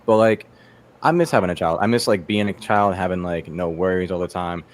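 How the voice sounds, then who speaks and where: A man's voice: low voice, brisk, a little hiss or hum. Rambling profane young man doing stand-up. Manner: rambling, profane, does voices in anecdotes. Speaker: stand-up comedian. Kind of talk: stand-up set on a video call.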